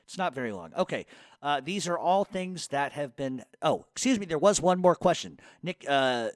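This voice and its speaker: A middle-aged man spins stories and answers questions in loose, cussing talk, laughing as he goes. His pitch leaps up and down as he tells it. The sound is close and dry, with no room around him. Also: normal speed, dry recording. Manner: profane, laughs often, animated storyteller. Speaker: podcast host. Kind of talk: casual storytelling and Q&A.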